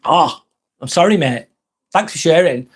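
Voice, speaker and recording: Man, live-stream host, raised pitch, candid, rambling, heavy swearing. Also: expressive, a little slow, breathy edge. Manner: confessional, reads viewer comments aloud.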